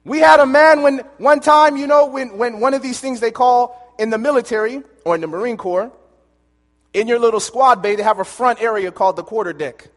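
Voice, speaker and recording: High-voiced preacher in a reverberant hall. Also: male voice, brisk. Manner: lively storytelling, calls for audience answers. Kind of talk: sermon.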